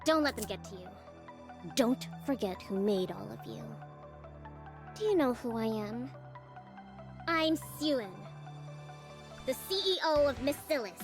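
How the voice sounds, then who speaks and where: A woman's voice: fairly high pitch, expressive. A woman voicing a smug, scheming woman executive who talks down to her staff, over game music. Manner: slow, honeyed, condescending. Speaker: company chief executive. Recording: game audio with clear music.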